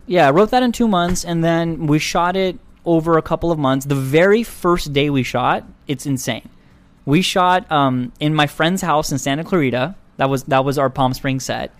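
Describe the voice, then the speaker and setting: A young man, a guest filmmaker, telling a story in casual conversation, animated and laughing, acting out voices. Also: on the high side, moderate pace.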